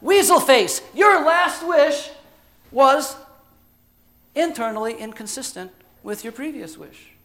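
A man voicing a brash, sarcastic male genie with a Chicago accent and a loud, mocking, high-pitched delivery. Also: very animated, unhurried, pauses often, heavily acted. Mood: gloating.

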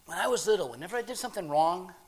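Brief: a man as a plain-spoken, married blue-collar guy in a stage monologue; halting, rough-grammared, swinging between murmurs and excited outbursts. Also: high-pitched, heavily acted. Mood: reflective. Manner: swings from hushed murmur to loud excited telling. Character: plain-spoken married working man, gruff but tender-hearted. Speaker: monologue performer. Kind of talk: dramatic first-person monologue.

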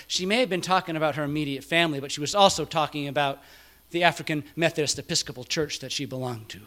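A man's voice: fairly high pitch, fast, few pauses. Man preaching a fervent sermon. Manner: quotes others, then rises to loud emphatic peaks. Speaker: pastor.

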